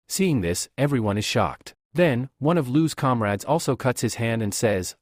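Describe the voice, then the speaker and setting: A man narrating a scripted comic recap in a steady storytelling manner. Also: mid-range voice, normal speed, few pauses, no echo, studio quality.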